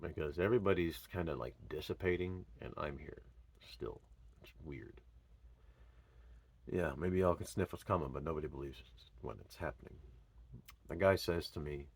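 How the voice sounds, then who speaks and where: A man telling his own story in an earnest, emotional way, swinging from loud pleading to hushed murmurs. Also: a bass voice, normal speed, pauses often, slightly rough. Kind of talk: personal storytelling monologue.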